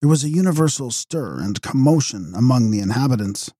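A man narrating a gothic novel as an audiobook with a steady, measured reading. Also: medium pitch, no echo, studio quality.

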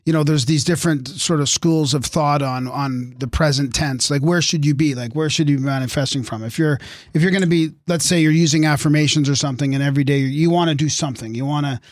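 Male podcast host, thinks aloud through loose, filler-heavy questions; a touch higher voice, dry close sound. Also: quick pace, no room sound. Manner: rambling, hedging questions with many fillers. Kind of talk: conversational interview questions.

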